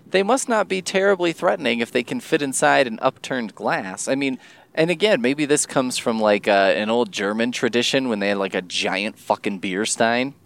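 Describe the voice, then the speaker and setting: Animated swearing man, lively pitch. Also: normal speed, creaky. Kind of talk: casual rambling monologue.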